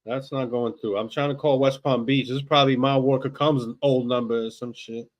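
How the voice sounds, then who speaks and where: A man's voice: medium pitch, steady tone. A man hosting a live stream, chatting casually and mockingly while he dials phone numbers. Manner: mocking, chatty, reads numbers aloud slowly. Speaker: streamer making prank calls.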